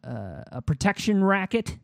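A man improvising a silly film pitch in casual chat, halting with many fillers and restarts. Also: sing-song, vocal fry, no echo, studio quality.

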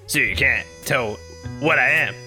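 A man voicing a creepy creature in a trench coat, deadpan and blunt, in an improv comedy scene. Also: medium pitch, unhurried, faint music behind.

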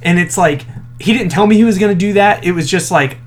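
A man co-hosting a casual podcast chat, telling lively stories and slipping into quick impressions of people. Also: high voice, faint music behind. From Florida. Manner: animated storyteller, slips into impressions of people. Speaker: podcast co-host.

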